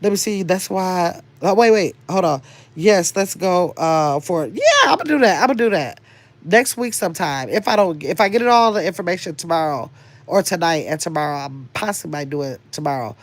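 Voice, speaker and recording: A woman's voice: fairly low pitch, animated, a little fast. An older woman hosting a casual livestream, chatting and rambling as she reads viewers' comments aloud. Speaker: livestream host reading chat.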